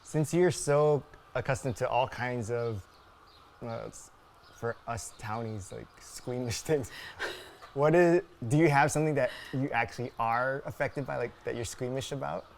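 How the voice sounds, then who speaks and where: A man's voice: medium pitch, normal speed, creaky, a little hiss or hum. Thoughtful man hosting a farm visit. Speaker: show host. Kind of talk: casual interview. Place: outdoors on a farm.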